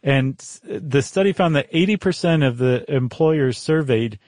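A man's voice: mid-range voice, lively intonation, normal speed, a little mellow, no room sound, clean studio sound. A man with an American accent, co-hosting a casual podcast chat, easygoing and curious, with plenty of fillers. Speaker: podcast co-host.

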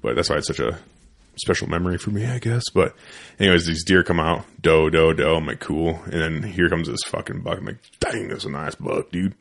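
Podcast host, young man, deep low voice, loose profane storyteller, studio chat. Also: brisk, gravelly, fairly bright tone.

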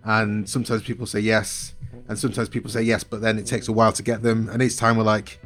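Cheerful low-voiced male co-host. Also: little pitch movement, fast talker, fairly bright tone, soft background music. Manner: cheerful, rambling. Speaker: podcast co-host. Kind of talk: casual podcast chat.

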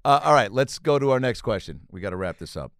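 A man's voice: mid-range voice, expressive, quick pace, fairly bright tone, no echo, studio quality. A man hosting a comedy podcast in casual banter, rambling and profane with frequent restarts. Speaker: podcast host.

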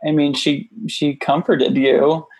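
A man's voice: on the high side, level tone, slow pace, gravelly, poor audio. A man hosting a podcast, chatting casually with a caller and rambling through his thoughts. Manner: chatty, many fillers and restarts. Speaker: podcast host. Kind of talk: casual chat.

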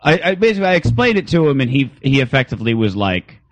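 A man's voice: mid-range voice, big pitch swings, quick pace, no echo. A man hosting a podcast, telling a rambling, wry story in casual chat. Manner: rambling, self-interrupting, wry. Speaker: podcast host.

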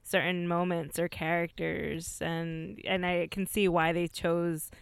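A woman joins a casual podcast discussion with measured, thoughtful remarks. Her voice is fairly low and smooth, and the recording is dry and close with little room sound. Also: flat delivery, dry recording.

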